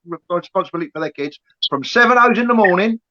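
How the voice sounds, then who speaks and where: A middle-aged man, high and bright in the voice, rants bluntly and swears freely. The sound is dull and lo-fi, with a faint hiss underneath. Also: lively intonation, fast. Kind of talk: casual podcast chat.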